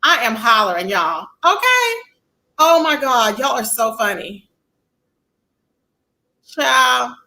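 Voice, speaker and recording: On her livestream, a woman chats casually and sassily and reads viewers' comments aloud, in a high, bright, forceful voice. She speaks slowly in a sing-song way with long pauses, and the audio is poor.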